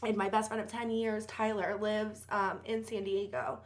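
A woman's voice: mid-range voice, little pitch movement, moderate pace. A young woman on a podcast, telling a personal story candidly in casual chat, with lots of fillers and cursing. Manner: candid, profane, many fillers. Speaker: podcast guest.

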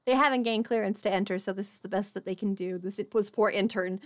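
A woman game master narrating a tabletop role-play, animated and giggly, with lots of fillers. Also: medium pitch, quick pace.

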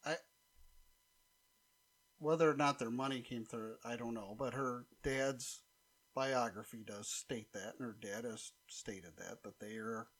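A man's voice: mid-range voice, measured pace, a bit bright. A man co-hosting a podcast, who questions and nitpicks his partner's claims in casual talk. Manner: skeptical, nitpicking. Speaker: podcast co-host. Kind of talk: casual political banter.

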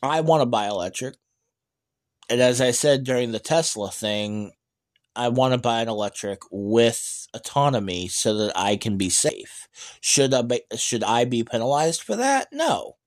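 A man with a medium-pitched voice talks at a moderate pace about electric cars as an EV news vlogger. He's opinionated and rambling, full of fillers and restarts, breaking into animated, emphatic rants.

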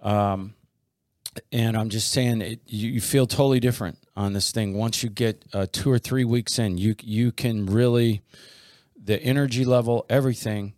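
Low-voiced man rambling on a podcast. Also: steady tone, moderate pace, a little mellow, no room sound, studio quality. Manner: rambling, with many restarts and fillers. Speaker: podcast host. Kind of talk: casual chat.

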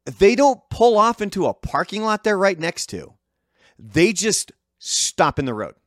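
A man's voice: sits high, big pitch swings, a little slow, fairly bright tone, no room sound, studio quality. A man on a podcast who rants about other drivers in a laid-back, profane way. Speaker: podcast co-host. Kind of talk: casual chat. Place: El Paso.

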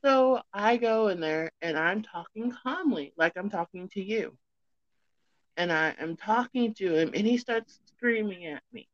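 A woman's voice: mid-range voice, expressive, a little slow, no room sound. A woman telling a long story in a rambling, chatty way during a casual podcast chat. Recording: dull lo-fi recording.

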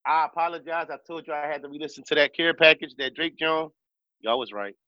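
A man co-hosting a podcast in loose, profane casual chat, animated and quick to mimic others. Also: a little high, dry recording, lo-fi sound. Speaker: podcast co-host.

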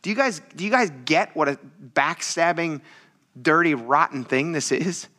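A man's voice: on the high side, animated, normal speed, pushed and bright. A man preaching a casual sermon in a chatty, teasing, self-mocking way. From military veteran. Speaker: pastor.

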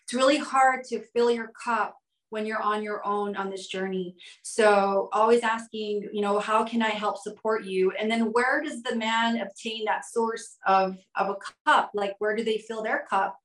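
A woman's voice: on the high side, fairly even intonation, a little slow, a bit bright, reverberant, poor audio. A woman guest on a podcast interview, explaining her points through strings of rhetorical questions. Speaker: guest expert.

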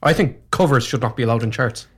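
A man co-hosting a casual radio chat show, teasing his partner with quick reactions. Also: mid-range voice, fairly bright tone, a little hiss or hum. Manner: teasing, reactive, lots of short replies. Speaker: radio co-host.

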